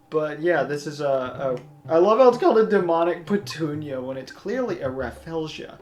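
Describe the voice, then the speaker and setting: A woman's voice: deep voice, lively intonation, normal speed, few pauses, a little mellow. A woman hosting a let's play, chatting casually with her partner and narrating the game as she plays. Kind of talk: casual gameplay commentary. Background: faint game music.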